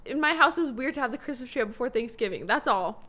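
A woman's voice: on the high side, expressive, fast, pushed and bright. A young woman co-hosting a casual podcast, playful and teasing, laughing often. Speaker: podcast co-host. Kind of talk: casual chat. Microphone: shared microphone.

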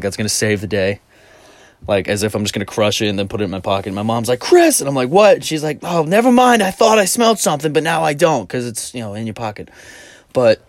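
A man's voice: lowish voice, dry recording, clean studio sound. A young man hosting a podcast who tells a rambling, profane story in a laid-back, casual way. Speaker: podcast host.

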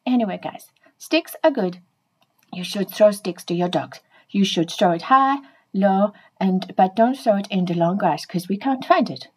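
A woman's voice: mid-range voice, expressive, normal speed, slightly rough, low-quality recording. A woman voicing a playful, chatty pet dog, speaking straight to the listeners in a comic monologue.

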